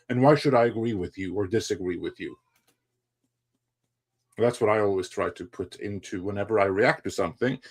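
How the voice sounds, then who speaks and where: A man's voice: lowish voice, darkish tone. Laid-back male reviewer with European accent. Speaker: movie reviewer and host. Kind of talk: casual livestream chat.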